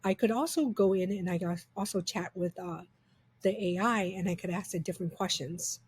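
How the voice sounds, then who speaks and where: A woman reviewing software in an upbeat, chatty, enthusiastic way, walking through a screen demo. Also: fairly low pitch, normal speed, slightly rough.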